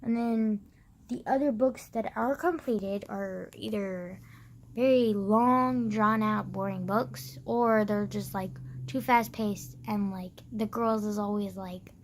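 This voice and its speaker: A woman's voice: medium pitch, takes it slowly, a little hiss or hum. A young woman ranting casually into the camera, exasperated and sarcastic, filling her speech with "like" and the odd swear. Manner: mocks others in exaggerated put-on voices. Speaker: vlogger. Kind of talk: casual rant.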